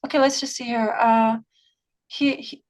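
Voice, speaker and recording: A woman's voice: on the high side, steady tone, a little slow. A woman who works as a remote viewer, telling a story in conversation and acting out the dialogue in her own voice. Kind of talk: conversational interview recounting an experience.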